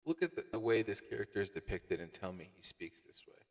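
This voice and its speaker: A man's voice: on the low side, big pitch swings, brisk. Exasperated, swearing male commentator. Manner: sarcastic, exasperated, swears a lot. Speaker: commentary host. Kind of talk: profane review rant. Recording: long reverb.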